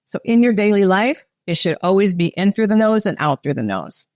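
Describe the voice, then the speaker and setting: Woman breath coach, easy calm guiding voice, dry close sound. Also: mid-range voice, brisk, no room sound. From United States. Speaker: breathwork facilitator guest. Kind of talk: guided breathing and podcast chat.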